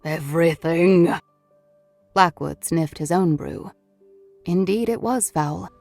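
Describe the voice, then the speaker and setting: A woman's voice: fairly low pitch, expressive, slow pace, gravelly, a little mellow, faint music behind. A woman reading a horror novel aloud as an audiobook narrator, in a scripted storytelling manner.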